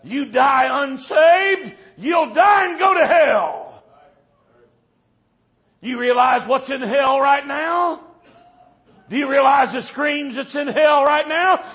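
Man, preacher, fiery revival sermon, high voice, muffled lo-fi recording. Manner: builds from low storytelling to shouted warnings. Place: church service. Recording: dull lo-fi recording.

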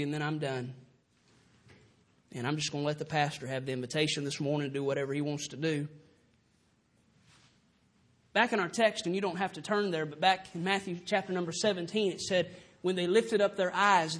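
A man's voice: sits high, fairly bright tone. A man preaching a sermon as a traveling evangelist, fervent and plainspoken with folksy grammar.

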